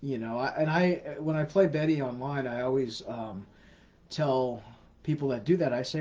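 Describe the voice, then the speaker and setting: Man with a mellow voice on a livestream. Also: mid-range voice, fairly quick. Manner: chatty, repeats words and restarts often. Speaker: host of a scam-awareness livestream. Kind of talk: casual livestream Q&A. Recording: slightly dull lo-fi livestream audio.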